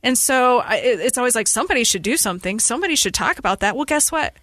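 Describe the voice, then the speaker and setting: A woman in her forties speaks as a podcast guest, her voice bright and forceful and sitting somewhat high. She tells her story in an earnest, urgent rush. The sound is dry and close. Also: expressive, no echo. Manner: earnest, fast-flowing storytelling with pleading urgency. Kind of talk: emotional personal interview.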